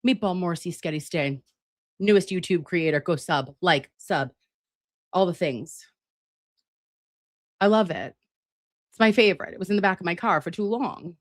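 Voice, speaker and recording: Woman streamer at home, low-pitched, dry close sound, rambling, swearing and affectionate with her audience. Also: moderate pace, pauses often, no room sound. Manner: chatty, profane, playful, calls viewers lovies and babes. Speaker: livestream host. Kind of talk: casual livestream chat. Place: home, at a laptop with air conditioning running. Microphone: laptop setup.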